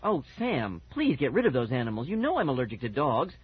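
A man's voice: medium pitch, wildly swooping pitch, a little fast, breathy edge, heavily acted. A man voicing an anxious mother begging her husband to get rid of the dogs. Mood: worried. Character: worried, fussy suburban mother. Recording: dull lo-fi audiobook recording.

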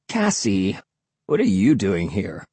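A sarcastic, skeptical boy who scoffs and grumbles, as a male reader puts him on. The voice swings lively in pitch, with a husky, dry sound. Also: takes it slowly, no room sound, full character voice. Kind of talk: audiobook character voice.

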